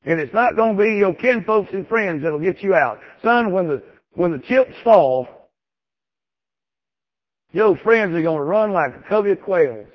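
A preacher delivers a folksy, emphatic sermon and hammers his points home through repetition. His voice sits high for a man. The recording is dull and dry, with little room sound. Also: animated, a little slow, dry recording.

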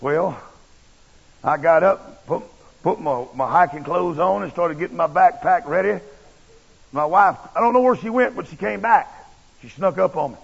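A man's voice: high-pitched, expressive, normal speed, vocal fry, husky. A man preaching a sermon, telling a personal story in a folksy, blunt and emphatic way. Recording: dull lo-fi recording.

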